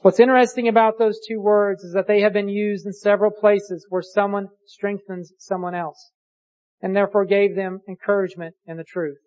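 A preacher giving a sermon, reading scripture aloud slowly and deliberately and posing rhetorical questions. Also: mid-range voice, level tone, a little mellow, lo-fi sound.

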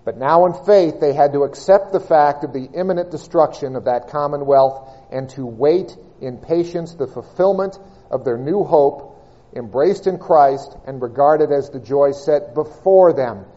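A man preaching a sermon, reading and expounding scripture with measured, emphatic delivery and slowed key words. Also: a little high, dark tone, dull audio.

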